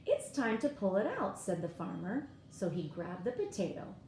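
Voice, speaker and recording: A woman's voice: medium pitch, very animated, normal speed, a little mellow, roomy sound, a little hiss or hum. A woman reading a picture book aloud to children, pointing out the pictures and asking her listeners questions. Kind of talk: read-aloud storytime.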